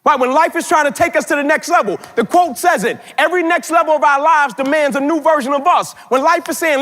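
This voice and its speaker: A man, a motivational keynote speaker, tells a dramatic story, swinging from loud emphatic peaks to hushed low tones. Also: brisk, hardly any pauses, big-room sound.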